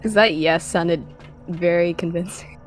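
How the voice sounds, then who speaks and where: A woman's voice: on the low side, fairly even intonation, unhurried, soft background music, low-quality recording. A woman playing a ghost-hunting game with a friend, giggling and teasing in casual banter. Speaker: game streamer.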